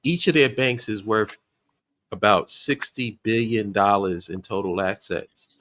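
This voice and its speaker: A man's voice: fairly low pitch, measured pace, a bit bright. A man hosting a casual conversation, talking bluntly and emphatically. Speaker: host.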